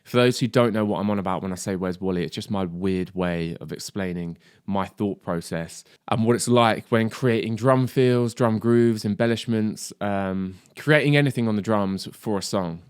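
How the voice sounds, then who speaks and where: Male drum tutor, lowish voice, dry close sound, chatty and sweary, keeps checking in with the viewer. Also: normal speed, hardly any pauses, clean tone, no echo. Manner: chatty, swears, says "mate" and "do you know what I mean". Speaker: drum teacher. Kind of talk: casual video lesson.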